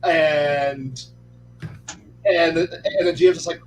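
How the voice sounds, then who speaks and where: A man on a podcast telling a tabletop game story in a casual, profane, animated way. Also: slow, long pauses, slight background noise, low-quality recording. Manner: animated, profane, acts out quotes in pitch jumps. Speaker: podcast panelist.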